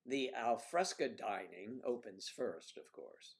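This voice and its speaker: Male livestream host, casual rambling chat, mid-pitched voice. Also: expressive, slow. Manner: rambling, chatty, reads out viewer comments.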